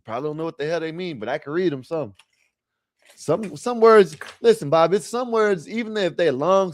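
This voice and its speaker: A man's voice: a little high, no room sound, studio quality. A man hosting a livestream, rambling casually and talking straight to his viewers. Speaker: livestream host.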